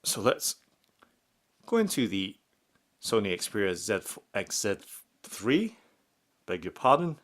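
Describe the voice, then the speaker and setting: A man narrating an unboxing and demonstration step by step, in a slow and methodical way. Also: lowish voice, very animated, a bit bright. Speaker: product reviewer.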